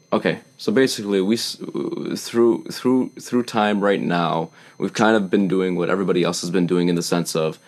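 A young man from Canada, a musician being interviewed, chatting casually and acting out quotes with animation. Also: lowish voice. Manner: animated storyteller, acts out quotes. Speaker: musician guest.

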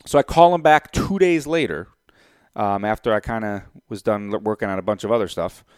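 Here a man with a lowish, clear, resonant voice speaks briskly in an echo-free studio setting. A real estate investor, he animatedly retells a story to camera, voicing both sides of a deal and reasoning through the numbers aloud.

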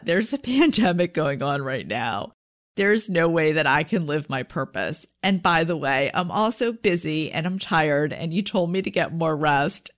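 Earnest woman podcast host. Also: mid-range voice. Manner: earnest and encouraging, speaks directly to listeners. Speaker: life coach and podcast host. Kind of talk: solo podcast talk.

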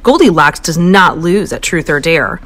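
Lively woman reading a children's story. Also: moderate pace. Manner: animated, playful, pitch jumps high for voices. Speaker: storybook reader.

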